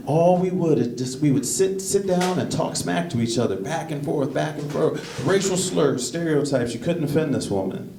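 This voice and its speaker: A man's voice: a little high, expressive, moderate pace, gravelly, few pauses. A man performing a stand-up comedy set on a club stage, chatting with the crowd between jokes. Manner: conversational, jokey asides to the crowd. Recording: echoey club, mic heard from a distance, noisy. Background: audience laughter.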